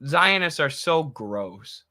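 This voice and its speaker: A man's voice: a little high, sing-song, slow pace, a crowd in the background. A man giving heated, profane reaction commentary on a debate clip, ranting angrily.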